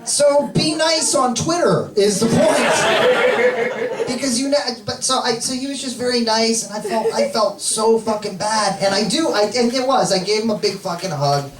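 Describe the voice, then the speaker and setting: A male comedian tells a rambling, self-deprecating story on a live stage, now and then breaking into loud shouts. The sound is roomy and a little distant, with a crowd laughing all around him. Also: very high-pitched, normal speed. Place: live comedy venue with audience. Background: audience laughing.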